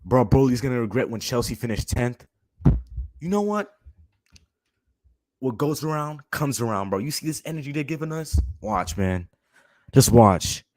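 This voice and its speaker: A young man in a furious live-stream rant, calling everyone "bro" as he vents. His voice sits at an ordinary pitch and comes through a close microphone with no room sound at all. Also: big pitch swings, moderate pace, pauses often, a little mellow, no echo. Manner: heated, repetitive, says "bro" constantly. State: fuming. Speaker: fan channel host.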